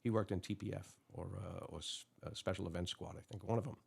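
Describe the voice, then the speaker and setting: Fast-talking gravelly New man. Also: low voice. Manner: animated anecdotes told through quoted dialogue. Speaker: retired police lieutenant, guest. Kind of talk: casual storytelling.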